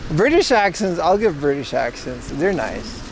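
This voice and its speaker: A man's voice: a little high, sing-song, moderate pace, a little hiss or hum. A man livestreaming as he walks outside, chatting and joking with his viewers. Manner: chatty, joking, talks to chat. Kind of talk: casual IRL stream chat. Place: outdoors on a street.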